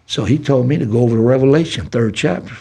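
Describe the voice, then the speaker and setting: An older man with a Southern US city accent, telling his life story as a podcast guest in a preacherly, animated way. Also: medium pitch, quick pace, gravelly, husky. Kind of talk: storytelling testimony.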